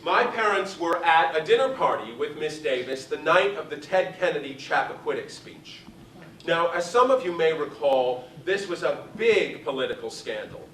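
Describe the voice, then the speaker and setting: Animated man telling stories on stage. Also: a little high, slight background noise. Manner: animated, theatrical, gossipy. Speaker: solo stage performer. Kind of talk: live stage storytelling. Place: theater stage, live audience. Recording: echoey theater from far off.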